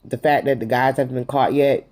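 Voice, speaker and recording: A woman's voice: extremely low pitch, fairly even intonation, a little fast, darkish tone. A woman giving a sassy, dramatic casual recap of a reality TV episode. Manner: sassy, dramatic, calls the viewer honey. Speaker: YouTube reviewer.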